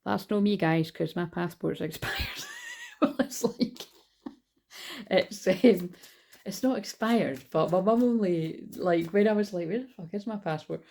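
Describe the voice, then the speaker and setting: A woman's voice: on the low side, takes it slowly, creaky, darkish tone. A Scottish woman giving a casual, rambling spiritual card reading, chatty and swearing now and then.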